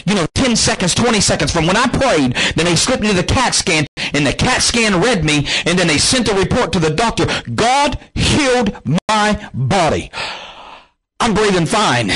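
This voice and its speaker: A man's voice: high voice, fairly bright tone, breathy edge, rough recording. A man preaching a televised healing sermon as a pastor, fervent and rising and falling in intensity. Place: studio without choir or organ. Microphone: studio camera mic.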